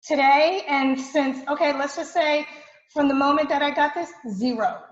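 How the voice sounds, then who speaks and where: A woman's voice: high voice, normal speed. A woman giving an emphatic, effusive testimonial about a program she uses. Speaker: student and client giving a testimonial. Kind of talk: enthusiastic testimonial. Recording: echoey room, dull lo-fi sound.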